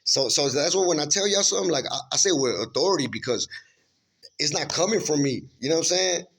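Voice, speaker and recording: Fast, expressive and fairly high-pitched, this man's voice is creaky and a bit bright with a breathy edge. In emphatic, informal storytelling, he earnestly relates a spiritual vision as casual testimony. He rambles, restarts constantly, and keeps asking "you know what I'm saying."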